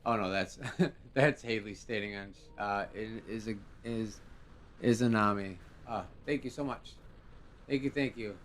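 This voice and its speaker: A man hosting a live game show stream, talking casually in a relaxed, rambling way with many fillers. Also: on the low side, unhurried, a little hiss or hum.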